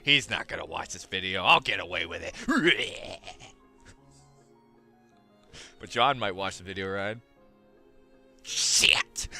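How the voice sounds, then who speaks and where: A man's voice: low-pitched, animated, a little slow, vocal fry, pauses often, bright, forceful tone, faint music behind. A man with a goofy, self-mocking manner, rambling through casual gaming commentary into a headset mic. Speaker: let's play host.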